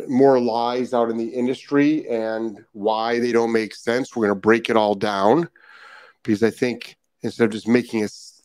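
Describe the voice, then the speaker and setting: A middle-aged man talks through his morning podcast in a blunt, emphatic way, hammering his points home by repeating them. His voice sits at an ordinary pitch, and the recording is dry, with little room sound. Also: darkish tone, no echo. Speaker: podcast host and dog trainer. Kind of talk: casual morning podcast monologue.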